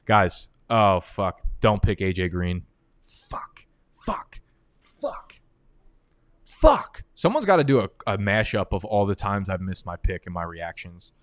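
A man commentates his own live mock draft in a slightly low voice, rattling off players and reasons at speed. His frustration spills into profane rants. The sound is dry and close, with no room around it. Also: no room sound. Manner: fast, excitable talk. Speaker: fantasy football analyst host.

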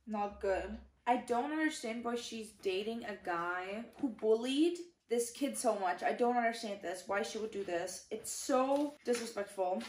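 Young female book vlogger, tired and chatty, slightly high voice, echoey room. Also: measured pace, few pauses, darkish tone, a little hiss or hum. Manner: chatty, rambling, dramatic reactions. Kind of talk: casual vlog chat.

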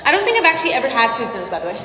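A woman's voice: fairly high pitch, very animated, racing, bright, forceful tone. A woman in her twenties chatting casually on a live stream while exercising indoors, playful and sing-songy, drifting into humming and mock Spanish. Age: 20s. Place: indoor home room with treadmill. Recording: echoey room, slight hall tail, faint noise.

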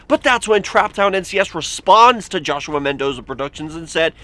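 A man hosting a casual vlog, reading comments aloud with animated, sarcastic asides. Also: a little high, fairly quick, hardly any pauses, no room sound. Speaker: YouTube host. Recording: faint music behind.

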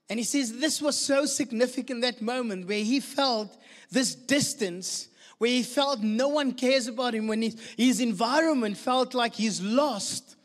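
Male pastor, high voice, storytelling sermon in a long-reverb hall. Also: moderate pace. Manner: storytelling, lively and animated with laughter.

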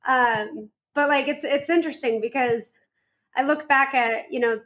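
A woman hosts a podcast interview in a chatty, informal way. She talks loosely and fills her sentences with fillers. Her voice is on the high side for a woman. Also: moderate pace, fairly bright tone. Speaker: podcast host. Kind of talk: casual interview chat.

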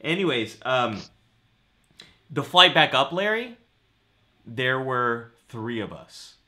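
Bright-voiced man in casual chat. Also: mid-range voice, big pitch swings, slow pace. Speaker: psychologist co-host.

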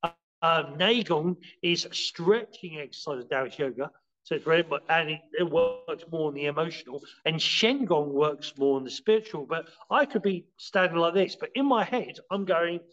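A high-pitched man, a podcast guest, explains martial arts ideas casually in halting bursts, tripping over words, restarting often and saying "you know" a lot. He's animated with a fairly bright tone and acts out scenes to explain, in dull, lo-fi audio.

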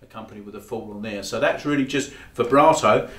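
A man, teaching saxophone in a halting, explanatory way with frequent pauses. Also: fairly low pitch. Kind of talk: demonstrating tutorial. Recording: echoey room with faint background noise.

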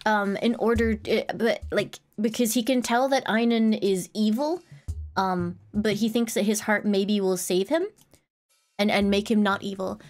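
A woman's voice: mid-range voice, fairly even intonation, unhurried, darkish tone, soft background music. A woman streamer in casual chat, rambling and giggling as she retells a movie scene.

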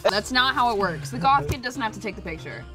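A woman teasing her friends during a party card game, firing off quick comebacks. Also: on the high side, lively intonation, music in the background. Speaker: show regular. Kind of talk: casual game chat.

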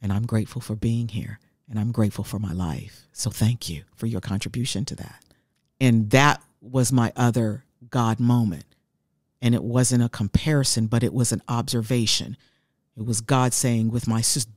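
A woman's voice: extremely low pitch, moderate pace, a little mellow, no room sound. Middle-aged woman sharing her story on a podcast, dry close sound, earnest. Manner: heartfelt, reflective storytelling. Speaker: guest. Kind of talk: personal storytelling in an interview.

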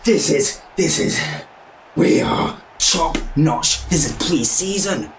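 A young British man giving excitable, cheeky live commentary on a football video game, with game music behind him. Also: fairly high pitch, slow, noisy background. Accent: British English. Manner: excitable, shouting and cheeky trash talk. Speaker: gaming YouTuber.

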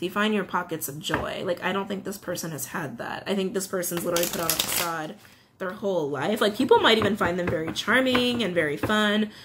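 A woman's voice: medium pitch, background noise. Chatty woman giving a tarot reading. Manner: chatty, filler-heavy, emotional and confiding. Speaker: tarot reader. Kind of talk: casual tarot reading to camera.

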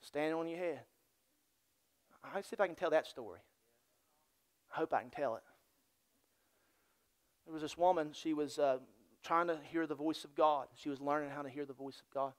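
A man preaching a sermon as pastor in a church, dropping to hushed near-whispers and then building to loud, excited storytelling. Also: fairly high pitch, normal speed, pauses often.

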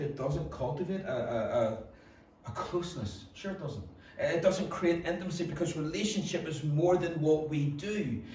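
A man with a Northern Irish accent, a pastor preaching a sermon in earnest, with quick acted-out asides. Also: fairly high pitch, a little hiss or hum. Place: church hall. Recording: echoey church hall from a distance.

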